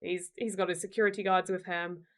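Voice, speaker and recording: A woman's voice: fairly low pitch, level tone, fairly quick. A woman hosting a casual chat, telling stories with frequent giggles. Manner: chatty, giggly storyteller. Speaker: host.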